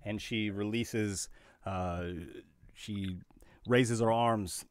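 A man narrating a tabletop game as game master, halting with many fillers. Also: on the low side, steady tone, darkish tone, smooth, dry recording, clean studio sound.

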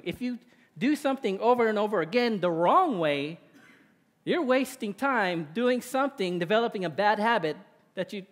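A man with a high voice preaches a sermon in a church. He talks in a relaxed, conversational way and keeps checking in with his listeners. Long reverb hangs on his words, as in a large hall. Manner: conversational, with tag questions. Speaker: pastor.

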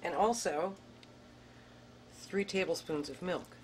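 Low-voiced woman hosting a cooking show. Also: takes it slowly, noisy background. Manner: deadpan, tongue-in-cheek. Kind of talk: mock-dramatic romance narration and cooking demonstration. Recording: distant mic with music behind.

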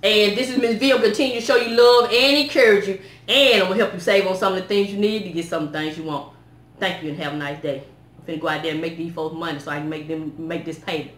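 A woman vlogging in a casual, exasperated rant, talking in a lively, colloquial way. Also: fairly low pitch, fast talker, reverberant. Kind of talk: casual ranting vlog.

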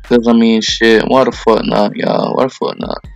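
A man's voice: on the low side, steady tone, moderate pace, gravelly, no room sound, faint music behind. A young man giving heated, profane commentary over his own gameplay video, ranting with lots of slang.

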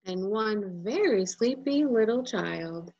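Gentle, lively woman reading a storybook. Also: medium pitch, slow, muffled recording. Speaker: picture book illustrator reading aloud. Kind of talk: children's storybook read-aloud.

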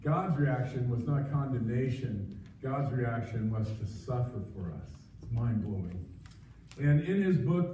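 A male pastor delivers a sermon in an easy, conversational way, with frequent small pauses and fillers. His voice is mellow and mid-pitched, picked up from a distance in a very echoey church. The livestream sound is dull, with faint room noise behind him. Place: church sanctuary.

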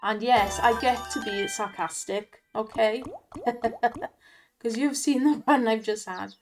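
Excitable woman over loud music. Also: a little high, slow pace. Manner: chatty, excitable, laughs often, talks to viewers. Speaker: slot gaming channel host. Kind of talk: casual live commentary over slot play.

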